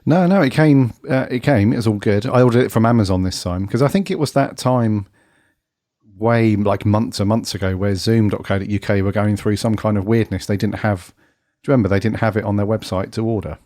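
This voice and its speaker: A man co-hosting a casual fan podcast, croaky from a head cold and chatty, calling his co-host "mate". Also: on the low side, a little fast, dark tone, no room sound, studio quality. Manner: chatty, says "mate" a lot. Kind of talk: casual chat.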